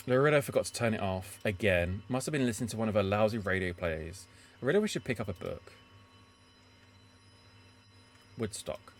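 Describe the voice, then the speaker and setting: Streamer doing a boozy, bitter failed writer, lively swings in pitch, self-pitying and threatening in turn. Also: male voice, slight background noise. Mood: musing. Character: drunk bitter struggling male writer, scheming.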